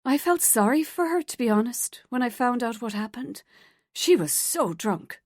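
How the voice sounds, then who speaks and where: Woman doing a soft-voiced, principled coworker. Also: fairly high pitch, expressive, moderate pace, no echo, studio quality. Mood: firm. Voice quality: soft, firm when angered. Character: softer-spoken loyal woman coworker.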